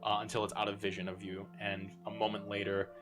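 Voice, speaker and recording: A man's voice: fairly low pitch, completely flat delivery. Man narrating a tabletop game over music. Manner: halting, lots of fillers. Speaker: game master. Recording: background music.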